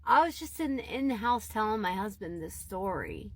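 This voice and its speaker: A TikTok storyteller from Southwest Florida casually shares an emotional, meandering story with her viewers, repeatedly saying "you guys." Her medium-pitched voice is husky and sing-song, moving at a moderate pace.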